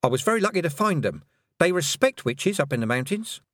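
A man's voice: fairly high pitch, sing-song, a little fast, a bit bright, no echo, clean studio sound, voice pushed up. A man doing a flustered fussy witch.

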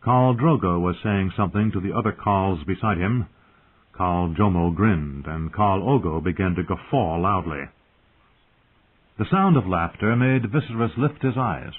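A man narrating a fantasy audiobook in a measured, tense storytelling manner. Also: sits low, expressive, breathy edge. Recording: tinny phone-like audio.

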